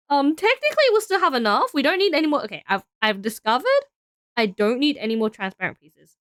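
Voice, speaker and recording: A woman's voice: sits high, big pitch swings, a little fast, fairly bright tone, no echo, studio quality. A young Australian woman streaming casually, tired and rambling as she thinks aloud while building.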